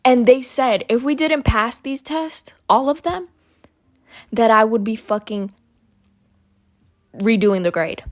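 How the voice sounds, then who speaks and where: A young woman from Arizona talks straight into a dry, close recording, her voice sitting high as she vents. She swears constantly and hammers points home by repeating them, in a heated solo podcast monologue. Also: dry recording. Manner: heated, profane ranting with emphatic repetition. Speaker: podcast host.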